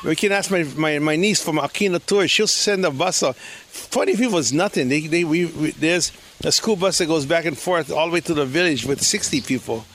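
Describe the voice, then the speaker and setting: A man's voice: fairly high pitch, brisk, fairly bright tone, slight background noise. An older man from Hawaii, a slack key guitarist, rambling through stories with many fillers in a casual interview outdoors. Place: outdoors at a beach resort.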